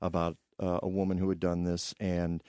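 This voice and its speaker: A man hosting a casual radio interview in a studio, playful and jokey, with animated storytelling. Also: deep voice, normal speed, clear, resonant tone, no echo. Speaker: radio host. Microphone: studio microphone.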